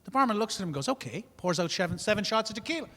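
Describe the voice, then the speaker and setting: A man's voice: high voice, big pitch swings, very fast, pushed and bright, in a large hall. A man with an Irish accent, compering a comedy show, telling a joke and introducing the next act in a jaunty way.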